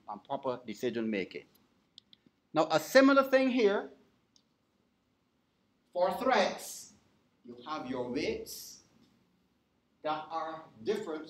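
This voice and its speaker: A male lecturer teaching a class in an interactive way, often stopping to check whether the students are following. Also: a little high. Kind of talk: university lecture. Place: lecture hall. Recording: echoey lecture hall recording.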